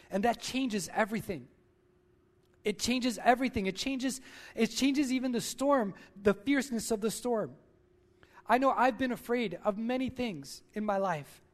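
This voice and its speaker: A man's voice: extremely high pitch, moderate pace. A male pastor preaching a sermon, talking straight to his listeners and repeating key lines for emphasis.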